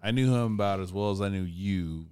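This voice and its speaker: A man chats on a podcast in a low, smooth, clear voice, swearing casually as he tells a story. He sounds easygoing and jokes along with his co-host. The mic is close and dry. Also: fairly quick, a little mellow, no echo. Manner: profane, laid-back, laughs along.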